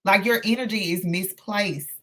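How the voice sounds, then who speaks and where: A woman hosting a live book discussion, earnest and emotional, talking in halting bursts full of fillers and restarts. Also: mid-range voice. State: emotional, close to tears. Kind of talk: casual live-stream discussion.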